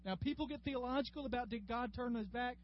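A man leads a Bible class in a chatty, folksy way, his voice sitting fairly high for a man. The recording is dull and lo-fi, with a faint hum in the room behind him. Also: fast talker. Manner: folksy and chatty, addressing class members by name. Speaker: Bible study teacher. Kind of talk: conversational Bible class teaching. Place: classroom with a group.

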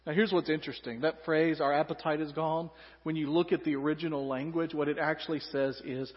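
A male pastor preaching a sermon, animated, acting out quoted voices and joking with the congregation. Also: fairly high pitch, fairly quick. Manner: animated, acts out quoted voices, humorous asides to the audience. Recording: dull recording with long hall reverb.

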